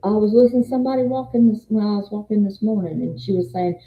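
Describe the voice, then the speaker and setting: A woman's voice: medium pitch, lively intonation, a little fast. An older woman with a Southern accent giving a rambling, testimony-style faith talk and quoting scripture. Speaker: faith vlogger and meeting moderator. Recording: roomy, dull lo-fi sound.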